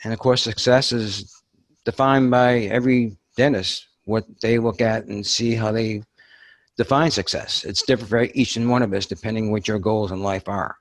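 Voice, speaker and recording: A man's voice: lowish voice, steady tone, normal speed, no echo. An older man with a Boston accent, a dentist telling his story as a podcast guest. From Boston area, USA. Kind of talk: podcast interview.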